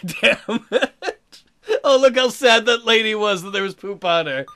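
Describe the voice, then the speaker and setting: A man hosting a let's play of a video game, excitable, laughing and swearing as he plays. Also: high voice, a little fast, smooth. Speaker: gaming channel host.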